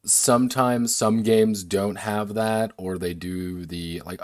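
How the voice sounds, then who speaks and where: A man's voice: on the low side, fairly even intonation, slow pace, few pauses, no echo, faint music behind. A man chatting casually on a stream about designing games, rambling, laughing and swearing freely. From United States. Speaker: game designer streaming a workshop.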